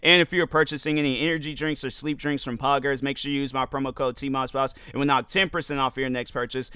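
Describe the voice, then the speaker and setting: A man's voice: mid-range voice, level tone, fast, sharp tone, clear, resonant tone, no echo, clean studio sound. A young man hosting a podcast, telling a loose, rambling story full of fillers and restarts. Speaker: podcast host. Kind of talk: casual storytelling monologue.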